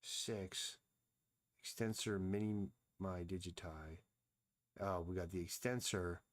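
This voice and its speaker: Slow, low-voiced man thinking aloud. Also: steady tone. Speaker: comic artist streaming his drawing. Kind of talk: casual live-stream narration while drawing.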